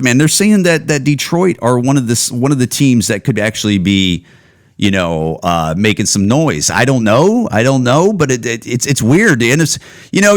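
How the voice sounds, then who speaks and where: A man's voice: a little high, fairly bright tone. Profane ranting man in his forties. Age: 40s. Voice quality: profane, rambling, heated. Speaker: podcast host. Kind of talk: casual solo podcast rant. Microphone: home camera setup.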